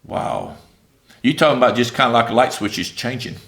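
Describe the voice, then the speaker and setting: This preacher has a mid-range, creaky voice and moves briskly through his sermon. He reads scripture aloud and restates it in his own words, keeping things animated and conversational with plenty of fillers.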